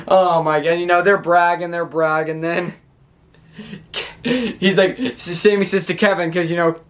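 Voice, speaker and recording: A young man with a high, light voice runs through his weekly recap, talking fast and eagerly. He breaks into laughter easily and keeps the tone loose and chatty, like he's catching up with friends. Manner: excitable, chatty, quick to laugh. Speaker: wrestling show recap YouTuber. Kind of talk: casual recap to camera.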